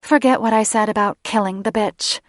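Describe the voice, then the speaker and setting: A woman's voice: medium pitch, fairly even intonation, normal speed, dry recording, clean studio sound, pitched above the performer's own voice, lightly acted. A woman voicing an eager, bloodthirsty male creature companion.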